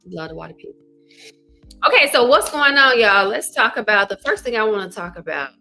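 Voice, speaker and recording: Southern woman, middle-aged, energetic livestream host, bright and forward tone. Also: medium pitch, normal speed, vocal fry, soft background music. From Arkansas. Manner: chatty, energetic, greets viewers by name, says "y'all" and "child". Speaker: love coach and livestream host. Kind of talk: casual livestream chat.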